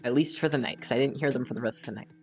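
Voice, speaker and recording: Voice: mid-range voice, rapid-fire, soft background music. A young adult from Canada, a gaming streamer chatting and telling a rambling story while playing. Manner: chatty, rambling, with frequent fillers.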